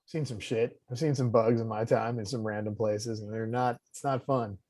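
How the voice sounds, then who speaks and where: Man, podcast co-host, laughing banter, mid pitch, dry sound. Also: fairly even intonation, normal speed, a little mellow, no room sound. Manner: laughing, self-deprecating banter. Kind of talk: casual chat.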